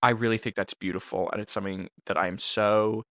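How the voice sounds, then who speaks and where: A man doing an awkward male producer on a cooking show, stammering and bashful, then earnest and fawning. His voice is bright and lively, and sits dry and close to the mic. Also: medium pitch, normal speed, clear, resonant tone, no echo, close to an everyday voice. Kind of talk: improvised comedy sketch.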